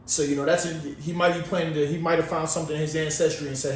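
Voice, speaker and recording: Off-mic and far away in an echoey room with faint noise, this podcast co-host talks quickly in a fairly high, flat voice. He rambles through casual chat, slangy and laid-back.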